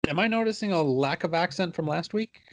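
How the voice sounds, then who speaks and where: A man's voice: on the high side, animated, fairly quick, no room sound. A man narrating as dungeon master of a tabletop game, laid-back and joking.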